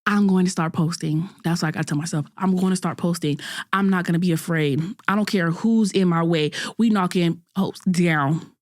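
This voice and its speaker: A woman's voice: on the low side, normal speed, dry recording, studio quality. A young woman in her twenties hosting a podcast, talking through a candid, self-critical monologue in casual slang with frequent restarts. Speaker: podcast host.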